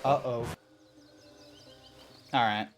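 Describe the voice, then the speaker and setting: A man's voice: mid-range voice, fairly even intonation, extremely slow. A man streaming live, chatting casually in a rambling, joking way and trailing off mid-sentence. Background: faint background music.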